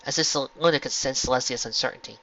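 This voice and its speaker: A man reading a fan fiction story aloud with expressive narration. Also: mid-range voice, quick pace. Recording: lo-fi home recording.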